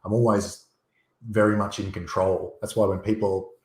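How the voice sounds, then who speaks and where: A man's voice: fairly low pitch, flat delivery, normal speed, darkish tone. A man talking as a guest over a video call, blunt and opinionated, swearing freely. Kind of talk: casual chat. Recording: echoey room.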